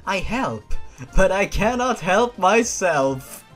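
A man voicing a wistful, self-pitying young woman killer, speaking high and sighing. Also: big pitch swings, moderate pace, a bit bright, soft background music. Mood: melancholy.

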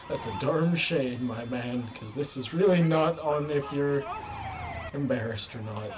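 A young man riffs goofily over a video game, his lively voice swinging up and down at an unhurried pace. Loud game sound and sirens run steadily under him. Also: mid-range voice, very noisy. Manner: goofy, talking back to game characters. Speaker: gaming YouTuber. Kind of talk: joking gameplay commentary. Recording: gameplay audio with sirens under voice.

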